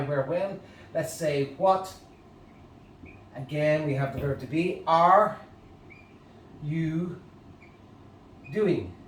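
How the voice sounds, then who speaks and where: A man with an Irish accent, teaching an English grammar lesson to camera, halting and full of fillers and restarts. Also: sits high, darkish tone, a little hiss or hum. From Ireland. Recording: echoey room, mic at a distance.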